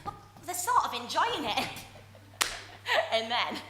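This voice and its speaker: Actress as giggly young actress, high lively voice, echoey room, hiss. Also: female voice, slow pace, heavily acted. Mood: chatty. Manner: chatty, self-mocking, giggly. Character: bubbly young actress telling audition stories. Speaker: drama student in a showcase monologue. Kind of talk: comic audition monologue.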